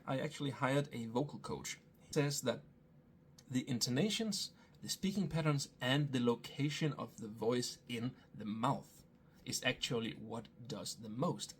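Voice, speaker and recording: A man in a casual spoken tutorial, a voice actor sharing tips at an easy, thinking-aloud pace. His pitch sits in the middle, and he often restarts his words. His English accent is not American. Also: a little hiss or hum. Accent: non-American English. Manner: relaxed, explanatory, thinks aloud with small restarts.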